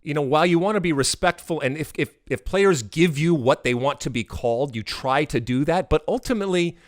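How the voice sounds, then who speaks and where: A middle-aged man hosting a casual podcast, talking in an animated, emphatic way that swings into loud exasperated rants. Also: fairly high pitch, brisk, no room sound, studio quality. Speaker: podcast host.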